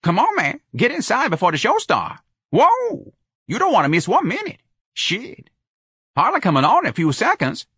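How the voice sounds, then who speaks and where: A man's voice: high voice, wildly swooping pitch, normal speed, a bit bright, breathy edge, dry recording, clean studio sound, pitched above the performer's own voice, full character voice. A male narrator voicing a crude, streetwise doorman hustling people into a nightclub. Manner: coaxing, salesy, profane.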